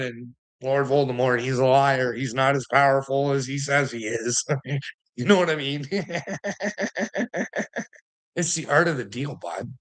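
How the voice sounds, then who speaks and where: A man's voice: mid-range voice, a little slow, pauses often, fairly bright tone. A man rambling through a casual monologue, chuckling often between phrases, swearing freely and asking rhetorical questions. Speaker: channel host.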